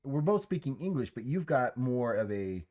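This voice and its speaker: A man's voice: mid-range voice, sing-song, normal speed, dark tone. A man hosting a casual chat, musing aloud with a rambling, restarting way of talking. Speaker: host.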